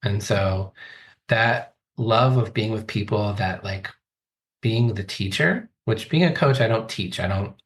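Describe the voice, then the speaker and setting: A man's voice: fairly low pitch, measured pace. A man in his forties, a coach, telling his life story as a podcast guest in a thoughtful, earnest way. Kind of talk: reflective interview talk.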